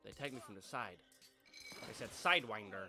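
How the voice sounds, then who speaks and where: A man hosting a let's play, talking through a strategy game with excitable, mock-outraged outbursts. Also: lowish voice, fast. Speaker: gaming host. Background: game music and sound effects.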